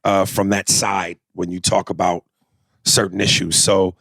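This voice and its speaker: A man's voice: sits low, little pitch movement, a little slow, creaky, a bit bright, dry recording. Laid-back male podcast co-host. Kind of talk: casual chat.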